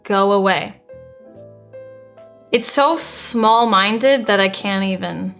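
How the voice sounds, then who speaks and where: A young streamer from the US reads her viewers' messages out loud, sounding blunt, exasperated, and ready to deny. Her medium-pitched voice is a bit bright with vocal fry, and faint music plays underneath.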